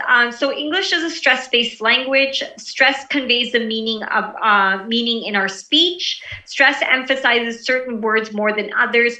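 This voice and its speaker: A woman's voice: on the high side, bright, forceful tone. A woman instructor teaching presentation skills in an online class, encouraging and coaching, with many fillers and restarts. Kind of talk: live online class lecture. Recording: echoey room from far off.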